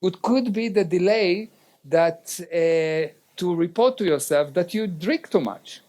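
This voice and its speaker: A man with a fairly high voice delivers a motivational seminar talk. He speaks non-native English and keeps checking in with his audience directly. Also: unhurried, darkish tone.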